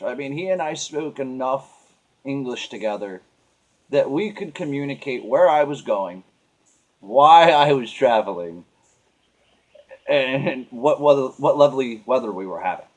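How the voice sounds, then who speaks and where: An earnest man talking through his frustrations in an unscripted monologue. He rambles, trips over his words and restarts sentences. His pitch sits in an ordinary middle range. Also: animated, a little slow. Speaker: vlogger. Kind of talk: casual venting monologue.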